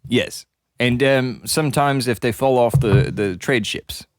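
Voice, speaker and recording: A man's voice: mid-range voice, measured pace, dry recording, studio quality. A man co-hosting an improvised comedy chat, playfully staying in character as a backward commoner. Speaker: podcast co-host.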